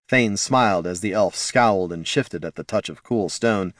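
Reading an audiobook, a man tells the story expressively in a lowish voice at a moderate pace. The sound is dry and of studio quality.

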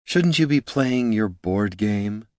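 A man voicing a prickly, sharp-tongued young female mage who answers in a clipped, defensive way. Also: fairly low pitch, animated, slow, no echo, studio quality. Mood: irritated.

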